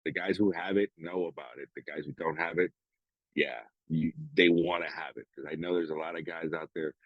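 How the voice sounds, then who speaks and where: Husky low-voiced man, blunt and profane. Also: steady tone, brisk, no room sound, highs cut off. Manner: blunt, heavy swearing, acts out quoted dialogue. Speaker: podcast co-host. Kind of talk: casual chat.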